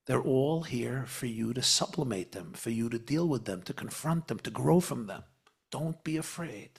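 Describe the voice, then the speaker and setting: Gravelly man teaching with animated emphasis. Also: medium pitch, moderate pace. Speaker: spiritual teacher guest. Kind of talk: podcast conversation.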